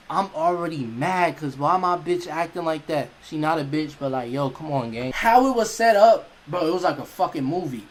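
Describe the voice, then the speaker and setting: Animated young man telling a story. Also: a little high, normal speed, rough recording. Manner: animated, profane, slangy, acts out quotes. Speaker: streamer. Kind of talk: casual storytelling.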